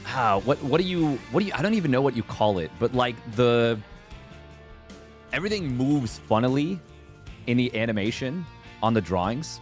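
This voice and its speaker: Man, esports commentator, casual live commentary, rambling, excitable, middle pitch, faint music behind. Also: moderate pace.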